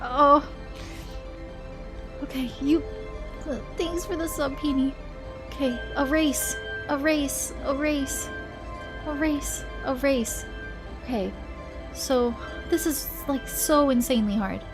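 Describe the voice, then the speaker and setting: A woman's voice: high voice, slow, long pauses. A woman streaming a video game live, anxious and swearing as she talks to herself and thanks viewers. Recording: faint music behind.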